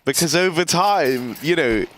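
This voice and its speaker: A man's voice: fairly high pitch, lively intonation, unhurried, a bit bright, a little hiss or hum. A man co-casting an esports match, chatting in a rambling, joking way. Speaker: esports caster. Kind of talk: casual chat on a broadcast.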